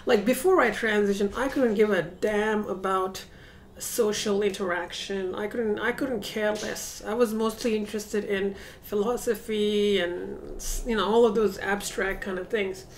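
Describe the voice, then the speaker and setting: A woman speaks at an unhurried, slow pace in a casual vlog, thinking aloud and circling back on her words. Her voice sits in a middle pitch and comes from a camera across a room at home, with a faint background hum. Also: steady tone. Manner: reflective and rambling, with frequent hesitations. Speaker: vlogger. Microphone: camera set up across the room.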